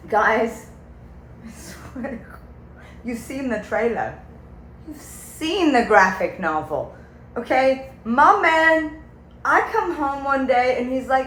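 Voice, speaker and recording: A woman rambles through a comic vent to her viewers, theatrical and loose with swear words and fillers like "okay." She talks at an unhurried, drawn-out pace. Her voice rings in an echoey room over a faint hum of ambience. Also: mid-range voice, big pitch swings, a bit bright. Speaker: vlogger venting to viewers. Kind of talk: comedic rambling monologue.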